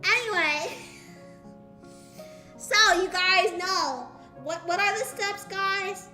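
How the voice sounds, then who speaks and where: Excitable young woman streamer, high and bright, roomy echo. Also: takes it slowly, faint music behind. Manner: excitable, exaggerated disbelief. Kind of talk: casual live-stream chat.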